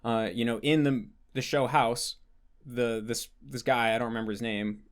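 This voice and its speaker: A man's voice: mid-range voice, steady tone, moderate pace. American man rambling through a Q&A. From United States. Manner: thinking aloud, frequent fillers and restarts. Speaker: host answering patron questions. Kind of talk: casual Q&A monologue.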